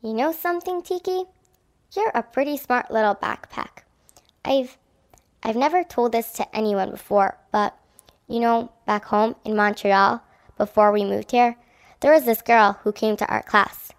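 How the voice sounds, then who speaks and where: A woman's voice: on the high side, measured pace. A shy new schoolgirl. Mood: confiding. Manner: soft, hesitant, confiding. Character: young girl, new kid at school, hurt and shy. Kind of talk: children's audio drama.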